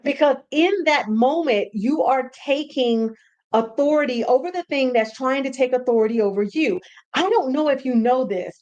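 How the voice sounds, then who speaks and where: A woman hosting a casual teaching talk from home, animated and repeating words for emphasis. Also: high-pitched, moderate pace, highs cut off. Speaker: podcast host and brand coach.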